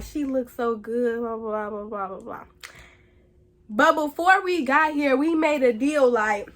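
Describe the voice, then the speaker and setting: A young woman vlogger telling a story in a casual, blunt, profane way, animated and slangy. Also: high-pitched.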